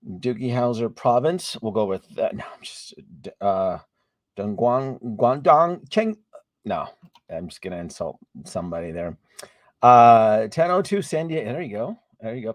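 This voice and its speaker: A man's voice: on the low side, dry recording. A man hosting a casual live stream, chatting with viewers, greeting them by name, laughing often and trailing off into restarts.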